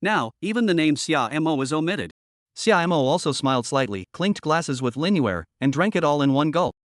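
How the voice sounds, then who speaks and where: A man reading a scripted story recap in an even, steady way. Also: on the high side, moderate pace, no echo, clean studio sound. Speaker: narrator.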